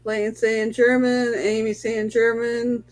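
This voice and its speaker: A woman co-hosting a casual livestream, briskly reading out viewer comments and guesses. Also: on the high side, little pitch movement. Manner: brisk, matter-of-fact, reads out names.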